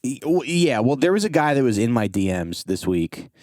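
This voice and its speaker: A man's voice: medium pitch, very animated, moderate pace, darkish tone, no echo, studio quality. A man with a New Jersey accent, a comedian guest rambling and joking at his own expense in casual podcast chat. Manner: rambling, self-deprecating, laughs often.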